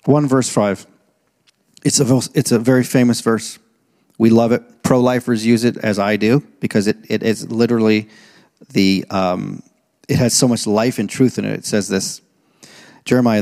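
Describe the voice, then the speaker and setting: A male pastor preaching a sermon, emphatic, slowing right down to stress key phrases and swinging from low and measured to loud and rising. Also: fairly even intonation, creaky. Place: church auditorium. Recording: long reverb in a large hall.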